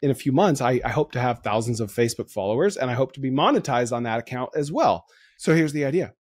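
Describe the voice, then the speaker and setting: A man hosting a podcast in casual chat, excitable and quick to laugh as he riffs on ideas. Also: mid-range voice, no echo, studio quality. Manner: excitable, laughs easily, rapid riffing. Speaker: podcast host.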